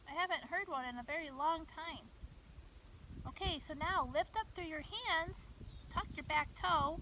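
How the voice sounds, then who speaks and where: A woman with a high voice guides children through yoga poses in an unhurried, encouraging way. She stands well away from the camera outdoors, so her voice sounds distant. Clear outdoor noise sits behind her. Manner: gentle, encouraging, talks to kids directly. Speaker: kids' yoga teacher. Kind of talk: guiding a children's yoga class. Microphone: camera mic from far away.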